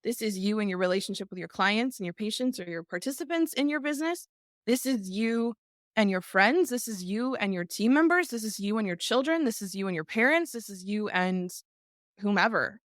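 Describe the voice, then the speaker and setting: A woman's voice: mid-range voice, animated, brisk, no room sound. Middle-aged woman host, teary but emphatic, repeats lines, dry close sound. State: tearful. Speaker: podcast host. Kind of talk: reflective live talk to an online group.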